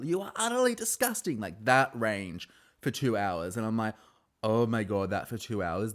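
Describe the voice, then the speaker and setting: A man's voice: on the low side, moderate pace. A man hosting a podcast, recapping a reality show in casual chat, swearing, laughing and acting out the cast's quotes. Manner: chatty, animated, swears and laughs often, acts out quotes.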